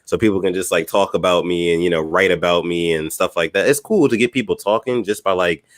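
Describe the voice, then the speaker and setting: A man's voice: sits low, brisk, no echo. A man in casual podcast chat who talks in a laid-back way and fills his speech with "you know what I'm saying.".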